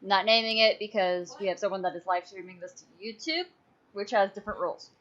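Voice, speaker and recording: A woman's voice: mid-range voice, fairly even intonation, brisk, a bit bright. A woman hosting a casual podcast chat, rambling and swearing offhandedly. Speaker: podcast host. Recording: muffled lo-fi audio.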